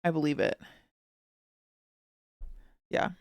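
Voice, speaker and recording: A woman with a Chicago accent, chatting as a streamer in an excitable, rambling way. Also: slow, dry recording. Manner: excitable, rambling, often laughing. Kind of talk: casual reaction stream chat.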